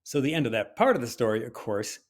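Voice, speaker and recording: Older man telling a lively story. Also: mid-range voice, quick pace. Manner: animated, conversational storyteller; hesitant with fillers at times. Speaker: physician giving a conference talk. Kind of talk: personal storytelling talk.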